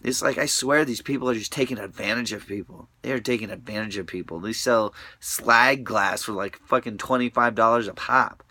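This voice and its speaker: A man's voice: lowish voice, a little fast, hardly any pauses, pushed and bright, dry recording. A man talking to camera in a rambling, profane monologue, restless and often trailing off into mutters.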